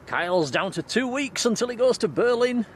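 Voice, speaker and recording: This livestream host is a man speaking outdoors at night close to an airport, reading comments and thanking viewers by name as he chats. His pitch is extremely high and expressive, delivered at a moderate pace over a faint hiss or hum.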